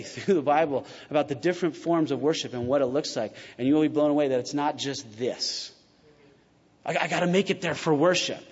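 A man preaching a sermon in a loose, conversational way, slipping into voices for the people in his stories. His voice sits a little high for a man. The recording is muffled and rings with long reverb from a large church hall. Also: slightly rough. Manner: conversational and animated, acts out quotes. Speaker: pastor. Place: church sanctuary.

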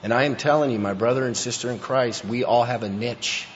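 A male pastor preaching a sermon, building from quiet asides to emphatic, forceful passages. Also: medium pitch, brisk, slight background noise. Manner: preaching, rising to emphatic intensity. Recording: echoey hall, dull lo-fi sound.

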